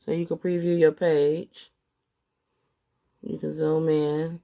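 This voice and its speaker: A woman's voice: low voice, level tone, gravelly, dark tone. A woman hosting a casual step-by-step craft tutorial, talking unhurriedly with an itchy throat from allergies. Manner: unhurried, plain instructional talk.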